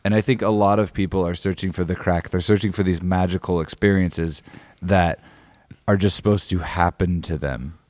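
Low-voiced man telling a rambling story. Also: fairly even intonation, moderate pace, darkish tone, no room sound. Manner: rambling, many restarts and fillers. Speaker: guest musician. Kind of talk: casual storytelling interview.

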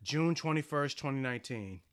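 A man's voice: medium pitch, lively intonation, normal speed, no echo. A man co-hosting a casual podcast, speaking in a dry, teasing manner. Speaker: podcast co-host.

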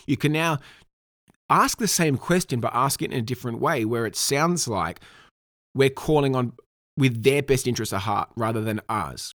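Male sales trainer, energetic and emphatic, mid-pitched, dry recording. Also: no room sound. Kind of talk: instructional talk.

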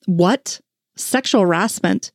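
A woman's voice: medium pitch, takes it slowly, no room sound, studio quality. A woman voicing a wry male FBI agent who teases and sounds incredulous, in an audiobook-style fan fiction reading. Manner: teasing, incredulous.

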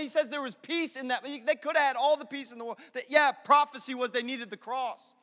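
A man preaching a sermon, impassioned, swinging between loud bursts and hushed moments. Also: extremely high pitch, steady tone, a little fast, hardly any pauses, in a large hall. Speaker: pastor.

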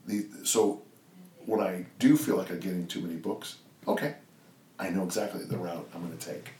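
An older man telling stories in a relaxed, rambling interview, with many restarts. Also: deep voice, moderate pace, distant mic. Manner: rambling, lots of restarts and "you know". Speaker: strength coach and guest. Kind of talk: casual interview storytelling. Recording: echoey room, off-mic, faint ambience.

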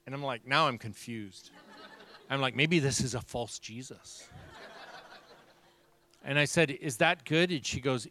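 A man preaching, telling a story with lively acted-out dialogue. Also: medium pitch, a little slow, dry recording. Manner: animated storyteller, acts out dialogue. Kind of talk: sermon storytelling.

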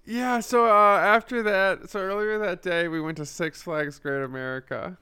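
A young man co-hosts a casual chat and tells stories with enthusiasm. His voice is bright and smooth and sits slightly high. He restarts his sentences often. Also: steady tone, normal speed. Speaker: podcast co-host.

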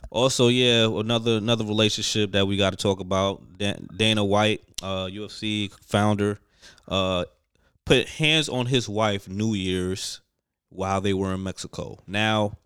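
A man with a low voice, chatting casually as a podcast co-host. He talks in a loose, profane way and laughs often. The sound is dry and close. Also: fairly even intonation, unhurried, a bit bright, clean tone, no echo. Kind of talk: casual chat.

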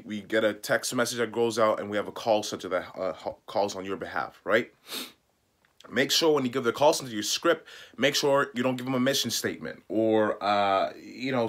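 A man's voice: on the low side, a bit bright. A man coaching loan officers on marketing, talking emphatically and pleading with listeners, often acting out sample calls and messages. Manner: emphatic, pleading, repeats points; acts out sample calls and texts. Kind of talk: direct-to-camera teaching talk.

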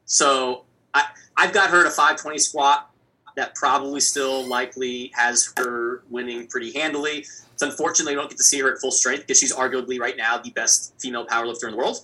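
Very bright-voiced analytical man. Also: medium pitch, fairly even intonation, brisk, rough recording. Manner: analytical, working through numbers aloud. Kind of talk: casual sports chat.

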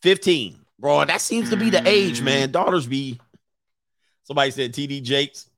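A man's voice: on the high side, moderate pace, fairly bright tone, dry recording, clean studio sound. A man hosting a casual commentary show, joking, swearing and laughing often. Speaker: host.

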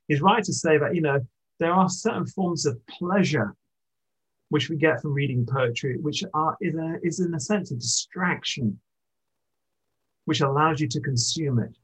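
Husky-voiced man musing on poetry. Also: fairly high pitch, a bit bright, low-quality recording. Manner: thoughtful, halting, restarts mid-thought. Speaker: poet, interviewee. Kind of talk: reflective literary conversation.

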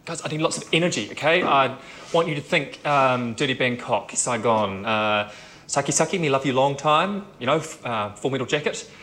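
A man playing a casting director in a comedy sketch, talking in a brisk, pushy and impatient way. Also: mid-range voice, expressive, pushed and bright, a little hiss or hum.

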